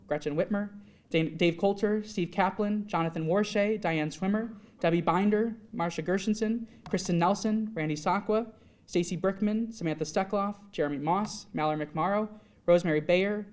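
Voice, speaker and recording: A man's voice: high-pitched, a little mellow. A young man from Michigan giving a heartfelt, formal speech at a swearing-in ceremony before a live audience in a large hall. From Michigan, USA. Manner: earnest, heartfelt delivery with long lists of thanks. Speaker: newly elected state legislator.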